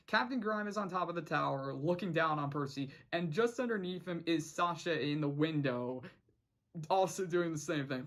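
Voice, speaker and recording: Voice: medium pitch, expressive, moderate pace, a bit bright. A cartoon reviewer recapping an episode in a casual vlog, rambling with many restarts and quoting the characters' lines.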